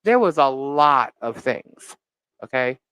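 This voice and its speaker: A woman live-streaming as a vlogger, telling a gossip story in an animated, indignant way with lots of fillers. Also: a bass voice, takes it slowly, clean tone, dry recording, low-quality recording.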